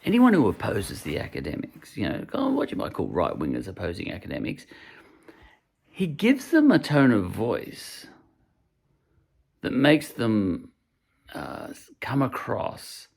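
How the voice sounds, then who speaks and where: A low-voiced Irish man with a gravelly rasp, talking through a casual book review. His pitch swoops up and down a lot as he rambles, pausing and hunting for the right words. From Ireland. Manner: rambling, hesitant, searches for words.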